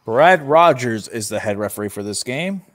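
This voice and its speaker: A man co-hosting a casual podcast, laying out his football picks in a measured, hedging way. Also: mid-range voice, lively intonation, a bit bright, no echo. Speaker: podcast co-host. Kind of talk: casual sports picks chat.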